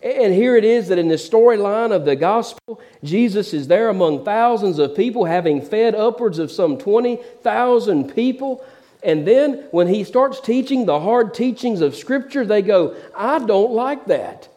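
A middle-aged male pastor preaching a sermon, telling stories in a folksy, animated preachy manner and repeating words as he builds. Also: high voice, normal speed. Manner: preachy storytelling, repeats words when excited.

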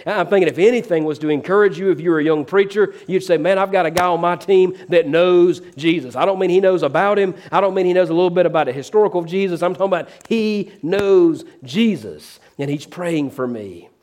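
Fairly high-voiced man preaching a sermon. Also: quick pace, few pauses. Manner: preacherly, calls out "amen?" to the congregation; voices quoted figures with shifts in pace and loudness. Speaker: pastor.

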